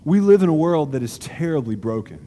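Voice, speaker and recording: A male pastor preaches in a large auditorium, leaning hard on key words and letting pauses hang. His voice sits a little high but sounds warm and mellow. A long hall reverb trails each phrase, with faint room ambience underneath. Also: very animated, slight background noise. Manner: emphatic, slow deliberate preaching with dramatic pauses. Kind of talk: sermon.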